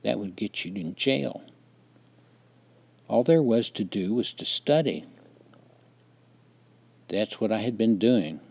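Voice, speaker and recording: Older Wisconsin man, memoir reader, mellow and reflective delivery. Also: on the low side, animated, takes it slowly, vocal fry, pauses often, husky. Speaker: memoir narrator. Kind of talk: reading a personal memoir.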